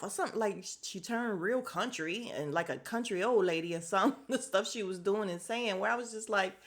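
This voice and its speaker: A woman's voice: mid-range voice, a little fast, few pauses. A woman hosting a casual podcast, recapping a reality show bluntly and swearing freely. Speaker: podcast host.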